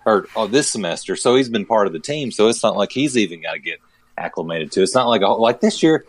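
A man talking casually on a sports podcast, rambling and halting, with many restarts. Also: lowish voice, expressive, slightly rough. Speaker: podcast co-host.

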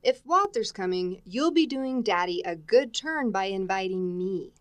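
Lady doing a wisecracking schoolteacher, deadpan sardonic jokes, old radio comedy. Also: medium pitch, unhurried, no echo, lightly acted. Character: wisecracking female schoolteacher and narrator. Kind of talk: 1950s radio comedy acting and narration.

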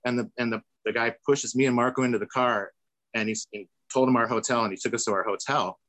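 A man's voice: medium pitch, fairly even intonation, fast, a bit bright, no echo, rough recording. A man, a former tour manager, telling a long story on a video call and acting out the voices of the people in it. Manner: rambling, acts out quoted voices. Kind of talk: casual storytelling.

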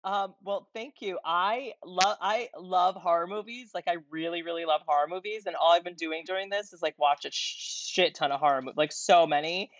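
A woman guest who makes comedy videos, talking in a relaxed, rambling way. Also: on the low side, moderate pace, few pauses, no echo. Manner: relaxed, rambling, many fillers. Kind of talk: casual interview chat. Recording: dull dry remote audio.

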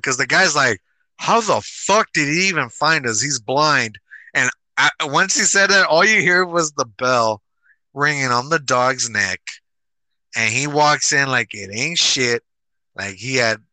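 A man hosting a casual movie review chat, animated and swearing as he retells scenes with acted quotes. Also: medium pitch, no room sound, poor audio. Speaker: podcast host.

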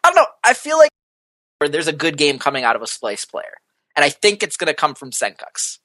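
Playful podcast co-host, bright and lively delivery, dry recording. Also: medium pitch, fairly quick, no room sound. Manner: playful, jokey. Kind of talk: casual esports betting chat.

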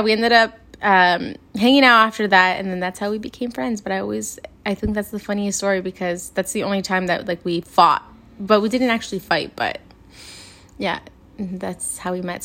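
A young woman from Canada talks straight to her listeners in a relaxed, chatty way on her solo podcast. Her voice sits at an ordinary middle pitch, and she keeps calling her audience "you guys" as she tells stories. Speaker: podcast host. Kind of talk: casual solo podcast storytelling.

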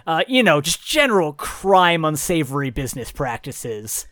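An exasperated male CEO who rambles through his orders, stumbling and repeating words as he goes, voiced by a man. The voice sits a little high. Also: very animated, normal speed, fairly bright tone, no room sound, clean studio sound.

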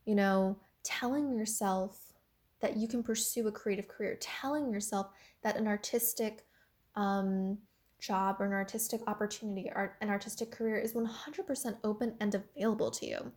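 A young woman talks casually and earnestly about pushing past self-doubt. Her speech is loose and chatty, full of "like" and "you know". Her voice sits in a middle pitch for a woman. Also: fairly even intonation, normal speed, a little mellow. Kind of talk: casual motivational monologue.

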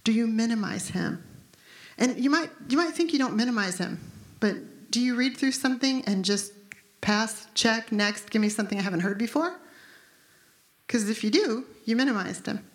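A woman's voice: fairly high pitch, expressive, moderate pace. A woman in her fifties preaching a conversational, emphatic sermon as pastor. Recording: echoey room.

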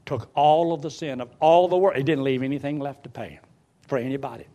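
An older man preaching a sermon, swinging from loud outbursts to low, quiet pleading. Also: steady tone, a little fast.

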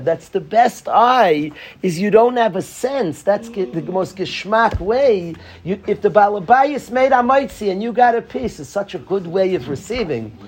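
A man's voice: high voice, a little hiss or hum. A man giving an informal, joking Torah talk to a small group, repeating his key phrases with animation. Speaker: Torah teacher.

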